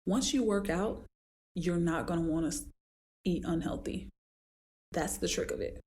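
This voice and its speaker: Animated woman podcast host. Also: moderate pace, long pauses. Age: adult with a daughter. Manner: animated storytelling, acts out clients in high voices. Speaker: podcast host and fitness trainer. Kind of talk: casual solo podcast talk.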